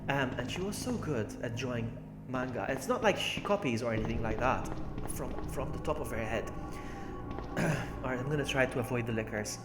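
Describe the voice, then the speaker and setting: A man's voice: medium pitch, animated, normal speed, loud music behind the voice. A man from Malta chatting casually with his viewers while he plays a game on a livestream. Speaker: streamer. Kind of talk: casual gaming livestream chat. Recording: echoey room with background noise.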